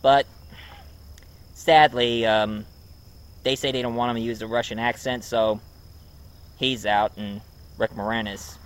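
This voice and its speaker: A man's voice: medium pitch, steady tone, unhurried, pauses often, clear, resonant tone. A man casually reviewing a movie at home, rambling with many ums and uhs. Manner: rambling, full of ums and uhs, chuckles often.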